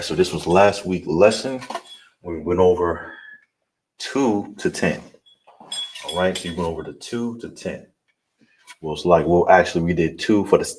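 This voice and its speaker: Deep-voiced man teaching, distant noisy mic. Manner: repeats words, frequent "all right?". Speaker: language teacher. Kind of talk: online class lesson.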